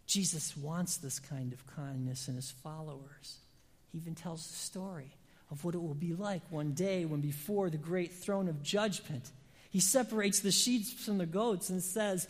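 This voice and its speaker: A preacher delivering a sermon, emphatic, with dramatic pauses and sudden drops from loud passages to near-whispers. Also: medium pitch, big-room sound.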